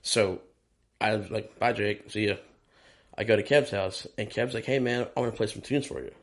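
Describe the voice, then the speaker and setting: A man with a low, gravelly voice tells loose backstage stories as a guest drummer. He talks casually and curses often. He slips into the voices of the people in his stories. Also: normal speed. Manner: animated, profane, acts out quoted dialogue. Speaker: touring and session drummer, guest. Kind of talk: casual storytelling interview.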